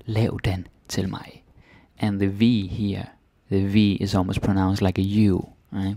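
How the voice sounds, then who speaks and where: Gravelly Danish teacher explaining grammar. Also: male voice, low-pitched, flat delivery, measured pace, warm tone, no room sound. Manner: chatty, adds "ikke?" tags, drops to whispers.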